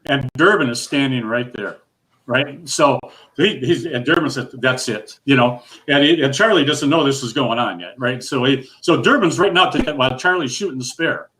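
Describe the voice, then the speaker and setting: A man's voice: medium pitch, moderate pace, pushed and bright. An older man telling a long, rambling bowling story in casual chat, full of restarts and his own laughter. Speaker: guest storyteller.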